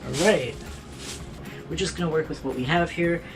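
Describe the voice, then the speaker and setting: A man's voice: fairly high pitch, normal speed, music in the background. A man hosting a casual art tutorial, joking and talking to himself as he works. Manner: playful, self-amused, talks to himself while working.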